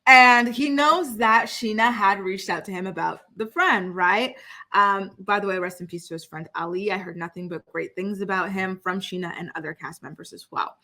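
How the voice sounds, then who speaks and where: Bright-voiced woman recapping reality TV. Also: mid-range voice, normal speed. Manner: chatty, opinionated, heavy use of "like". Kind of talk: casual chat recap.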